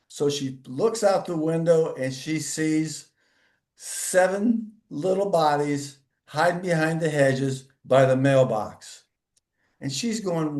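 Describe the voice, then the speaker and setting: Middle-aged man, casual storyteller, lively voicing of characters, echoey room sound. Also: on the high side, slow pace. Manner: animated, acts out voices in his anecdote. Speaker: storyteller guest.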